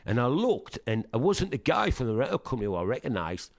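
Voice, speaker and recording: A middle-aged man with a Northeast English Sunderland accent, a punk singer telling lively anecdotes in a casual interview, acting out quoted dialogue and swearing freely. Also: mid-range voice, fast talker, vocal fry, dry recording, studio quality. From Sunderland, England. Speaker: punk band singer, guest.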